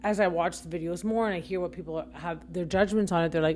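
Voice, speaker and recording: A woman's voice: on the low side, fairly even intonation, fast, few pauses, darkish tone, a little hiss or hum. A young adult woman hosting a podcast, giving casual opinion commentary in a chatty, rambling way with frequent self-corrections. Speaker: podcast host.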